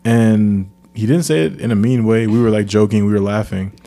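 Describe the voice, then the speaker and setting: A man, co-hosting a podcast and telling a childhood story in a casual, animated way. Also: fairly low pitch, fast talker, creaky, faint music behind. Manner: animated storyteller, acts out quoted voices. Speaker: podcast co-host.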